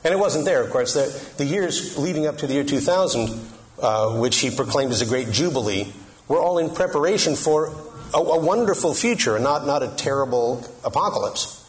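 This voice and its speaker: A man's voice: on the high side, animated, moderate pace. A middle-aged man giving a humorous Catholic talk to an audience, joking and asking them questions in a conversational way. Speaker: Catholic speaker.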